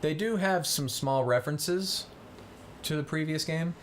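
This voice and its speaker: A man with a slightly high voice, co-host and player on a gaming channel, gives relaxed let's-play commentary at a measured pace, explaining the game's systems with lots of ums and uhs. There's slight background noise.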